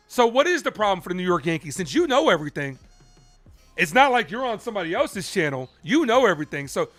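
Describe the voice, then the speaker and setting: High, bright-voiced man arguing with his chat. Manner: heated and argumentative, pressing chat for answers; calls balls and strikes between rants. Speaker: live play-by-play streamer. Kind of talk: live-stream call-in with chat reactions.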